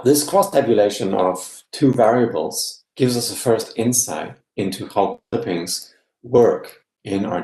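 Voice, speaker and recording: Male guest lecturer, lowish voice, patient explainer, echoey room. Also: darkish tone. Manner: explanatory, checks in with frequent "yeah?". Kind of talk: academic lecture.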